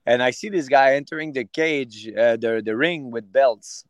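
Animated, profane man telling fight stories. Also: medium pitch, moderate pace, no echo, dull audio. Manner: animated, profane, rambling with restarts. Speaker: guest fighter. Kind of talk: casual interview storytelling.

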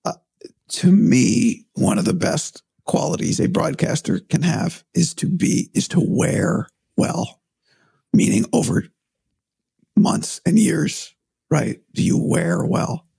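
A man talks casually, his voice gravelly and strained with heavy fry. He sits high in his range yet sounds dark and mellow, and his pitch swings a lot as he thinks aloud. The sound is dry and close. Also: very animated, slow pace, no room sound. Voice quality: gravelly, husky voice. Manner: thoughtful, rambling, restarts often. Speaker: broadcaster, podcast guest. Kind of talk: casual conversation.

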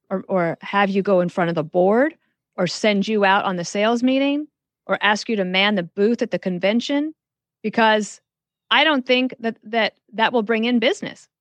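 A woman's voice: medium pitch, dry recording, highs cut off. A woman guest on a podcast interview, frankly giving career advice and telling stories from her work. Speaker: guest author.

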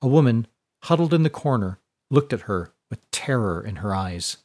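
A man narrating a serialized adventure story in a calm, measured way. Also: mid-range voice.

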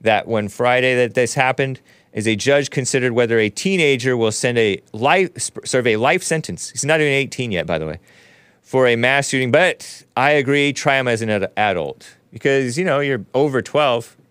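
A man's voice: medium pitch, expressive, moderate pace, fairly bright tone, smooth, no echo. Sarcastic rambling male show host. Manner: sarcastic, rambling, with frequent laughs and asides. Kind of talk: casual commentary monologue.

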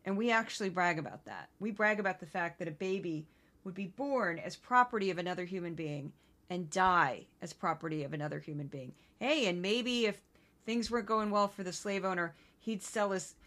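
A woman from Missouri hosting a solo news-commentary podcast, talking in an indignant, conversational way with quick asides. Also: mid-range voice, a bit bright. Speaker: podcast host.

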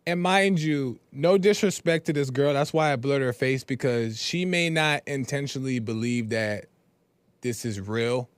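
A man of middle pitch gives opinionated podcast commentary, sometimes pausing to search for words. His voice is close and dry, with no room sound. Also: clear, resonant tone, dry recording. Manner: opinionated, hesitant, with restarts and fillers. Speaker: podcast host. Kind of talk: commentary on a clip.

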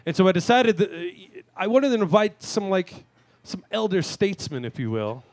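Crude self-mocking man on stage, lively pitch. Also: moderate pace. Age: 30s. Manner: crude, self-mocking, bursts into shouted rants. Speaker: talk show host. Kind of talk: stand-up style monologue. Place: live venue stage.

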